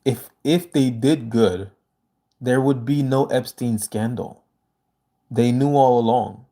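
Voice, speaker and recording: A man's voice: mid-range voice, slow pace, dark tone. A man hosting a casual livestream, reading viewer comments aloud and answering them in an earnest, emphatic way.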